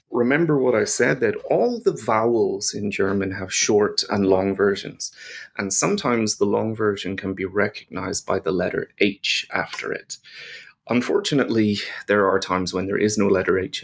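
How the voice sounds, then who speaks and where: A low, gravelly-voiced man with an Irish accent takes a language lesson at an unhurried pace. He explains patiently and repeats example words slowly so that learners can follow. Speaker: German teacher.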